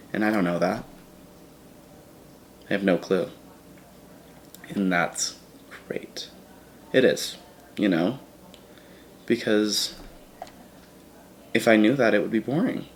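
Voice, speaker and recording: A man's voice: on the low side, slight background noise. A man talking to camera in a casual, reflective vlog, rambling and correcting himself as he goes. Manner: rambling, self-correcting, earnest. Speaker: vlogger.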